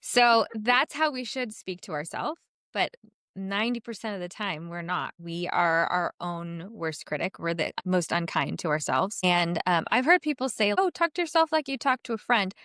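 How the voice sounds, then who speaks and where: A woman therapist, talking gently and reassuringly in a podcast interview, explaining ideas through everyday examples. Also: lowish voice, lively intonation, moderate pace, no room sound, studio quality. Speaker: therapist guest.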